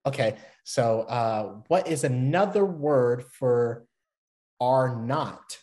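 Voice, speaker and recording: With a medium-pitched, slow, slightly mellow voice and a Southern Georgia accent, this Atlanta-born baseball player rambles through a casual podcast conversation as a guest. He's chatty and often laughs at himself.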